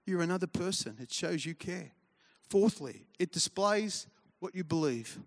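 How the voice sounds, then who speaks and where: A man's voice: high-pitched, expressive, measured pace. A man, preaching a conversational sermon full of storytelling asides and humor. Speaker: pastor.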